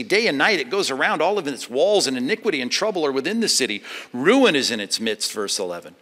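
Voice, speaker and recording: A man with a bright, forceful voice preaches a sermon, pressing hard on some phrases and dropping to a hush on others. His voice rings out with a long reverb, as in a church sanctuary. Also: very animated, a little fast. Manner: preaching with swings from loud emphasis to hushed, low delivery. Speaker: pastor.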